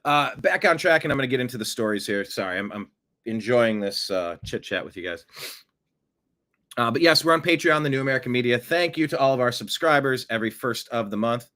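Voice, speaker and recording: A man's voice: mid-range voice, expressive, fairly quick, pushed and bright. A man hosting casual political commentary, sarcastic, and mocking his critics with put-on gasps and voices. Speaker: host.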